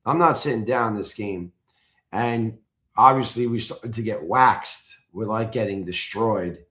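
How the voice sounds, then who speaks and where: A man in casual chat, excitedly telling a story and acting out his own shouted chants. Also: on the low side, a little slow. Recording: roomy echo.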